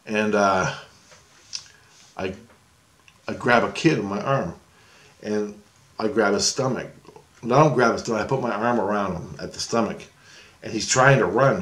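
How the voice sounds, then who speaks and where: A man telling a long personal story in a meandering, self-correcting way, often breaking into laughter. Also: on the low side. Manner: meandering, full of restarts and frequent laughter. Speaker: paranormal vlogger.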